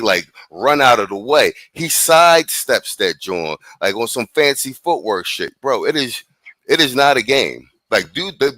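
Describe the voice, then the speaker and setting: A man telling a story on a casual podcast stream, full of slang, laughs and quick restarts. His voice is bright and forceful, and it sits close and dry with no room around it. He talks at a middle pitch. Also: dry recording. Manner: animated, slangy, laughs often, restarts lines. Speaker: podcast host. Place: live stream from abroad.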